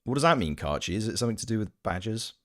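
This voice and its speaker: A man chats casually while streaming a game, answering his chat with playful jokes and rambling tangents. His voice sits low but moves animatedly up and down. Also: very animated, very fast. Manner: playful, joking, rambling asides. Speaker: gaming streamer and voice actor.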